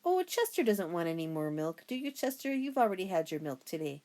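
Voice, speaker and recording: A woman voicing a calm, firm mother in a storybook reading, gentle but decisive. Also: fairly low pitch, a little fast.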